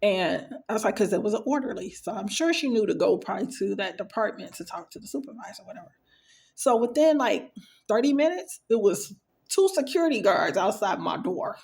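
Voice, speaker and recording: Woman with a gravelly edge telling a personal story. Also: mid-range voice, expressive, brisk, a little mellow. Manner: conversational, acts out quoted dialogue, frequent fillers. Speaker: storyteller sharing a personal experience.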